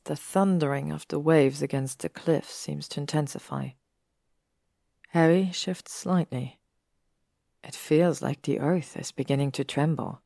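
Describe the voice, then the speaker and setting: A woman narrating an audiobook story in a measured, even way. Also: deep voice, vocal fry, no room sound, studio quality. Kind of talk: audiobook reading of fan fiction.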